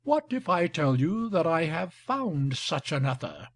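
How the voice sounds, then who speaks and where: A man reading the part of a scheming older marquis with gout, speaking in an ironic, flattering way. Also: fairly high pitch, a little slow. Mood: wry. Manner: ironic, flattering, smooth talker.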